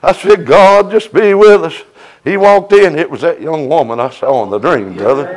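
A middle-aged man gives a sermon testimony. His voice sits high, and he peppers his phrases with "uh" before rising into chanted cries. The congregation answers him from around the room. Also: normal speed, poor audio. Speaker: preacher.

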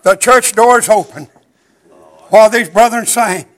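An older man preaching a chanted sermon in a rhythmic, drawn-out cadence, out of breath and wheezy. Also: sits high, a bit bright, rough recording.

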